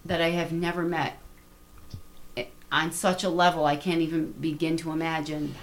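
Low-voiced woman telling a personal story. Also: moderate pace. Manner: animated, repeats words, quotes people in dialogue. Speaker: guest artist. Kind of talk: storytelling in casual chat.

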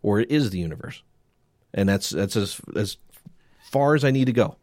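Man, very low voice, dry close sound, casual podcast chat, rambling, Northeastern Pennsylvania accent. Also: lively intonation, moderate pace, a little mellow, no echo. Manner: rambling, joking, many restarts. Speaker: podcast co-host.

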